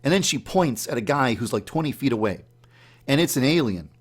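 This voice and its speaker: A man telling the story of a dream in a casual, animated way, acting out his own startled reactions in a higher voice. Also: brisk, husky. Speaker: YouTube channel host.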